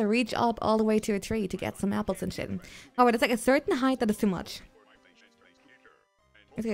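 A young woman livestreaming a VR game in casual chatter, excitable and swearing, with frequent giggles and shrieks. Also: fairly high pitch. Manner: giggly, jokey rambling. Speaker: streamer. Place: at home, playing in VR.

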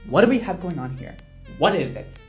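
A man, a hairdresser, giving casual reaction commentary in a sassy, animated way with dramatic exclamations. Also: high voice, a little fast, faint music behind.

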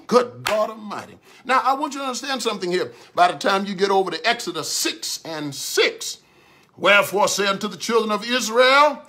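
High bright-voiced preaching man. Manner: preaching with rising shouts and repeated prayer lines. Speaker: pastor. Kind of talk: sermon. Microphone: livestream.

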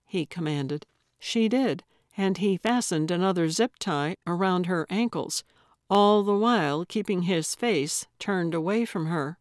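Slow, dry-voiced woman narrator. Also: on the low side, no room sound. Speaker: audiobook narrator. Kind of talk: scripted narration.

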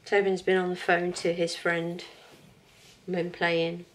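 A woman's voice: fairly low pitch, completely flat delivery, slow. A woman in her thirties chatting casually at home in a rambling, cheerful vlog, laughing often. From England. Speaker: vlogger.

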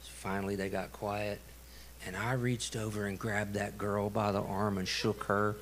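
A middle-aged man, a pastor telling a story in a sermon, animated and laughing. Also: fairly low pitch, measured pace, slight background noise. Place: church.

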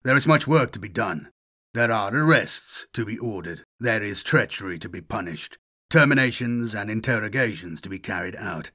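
A man voicing a cold, menacing male warrior commander who speaks with icy calm, lower and softer than his own voice. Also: moderate pace. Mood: soothing.

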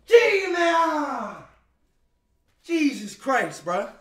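A young man streaming live, reacting loudly, swearing and breaking into sudden shouts. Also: extremely high pitch, sing-song, very slow. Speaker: livestreamer.

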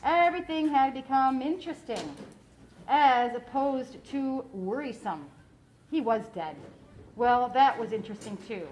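A woman teacher reading a novel aloud to her class in a classroom, in a steady, clear storytelling way. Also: sits high, unhurried, rough recording.

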